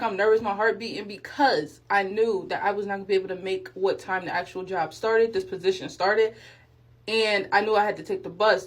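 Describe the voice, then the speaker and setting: Young adult woman vlogger, lively storyteller, plays her own reactions, earnest about faith. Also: medium pitch. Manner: animated, acts out her own reactions and quotes; sincere, speaks of faith. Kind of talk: casual storytime testimony.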